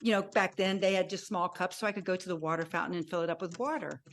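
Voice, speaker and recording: A woman in her sixties, a podcast guest telling her life story in an animated way and acting out remembered dialogue. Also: fairly low pitch, fast talker, slight background noise. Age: 60s. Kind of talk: personal storytelling.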